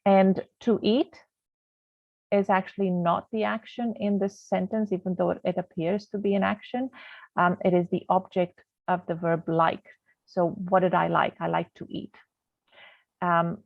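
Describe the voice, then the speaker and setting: A woman's voice: fairly low pitch, steady tone, moderate pace, creaky, dry recording. A woman teaching a grammar lesson over slides in a chatty way, with many ums, sometimes losing her thread. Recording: tinny phone-like, dry sound.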